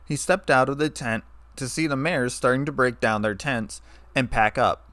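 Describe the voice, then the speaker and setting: A man reads a fan story aloud in a steady, even narrating voice. His pitch is middling for a man. The recording is dry and close, with no room sound. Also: normal speed, no echo.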